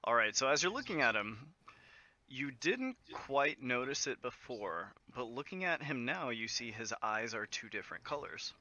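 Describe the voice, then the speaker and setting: A man narrating as game master of a tabletop role-playing game, relaxed, with many fillers. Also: medium pitch, moderate pace. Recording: dull lo-fi sound.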